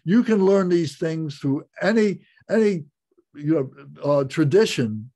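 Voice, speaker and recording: A man giving a Buddhist class talk, explaining slowly and reflectively, repeating phrases and restarting. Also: a little high, expressive, warm tone. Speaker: Buddhist teacher.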